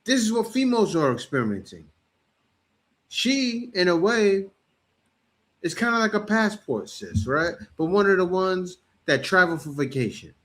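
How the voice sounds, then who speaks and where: A man hosting a reaction commentary, talking in a mocking, animated way. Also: high voice, measured pace. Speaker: commentator host.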